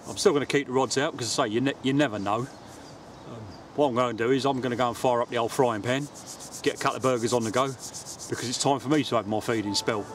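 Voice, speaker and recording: A man's voice: mid-range voice, a little hiss or hum. Chatty man fishing outdoors. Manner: chatty, relaxed, explaining as he goes. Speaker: angler vlogger. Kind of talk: casual outdoor fishing vlog. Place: outdoors by a lake.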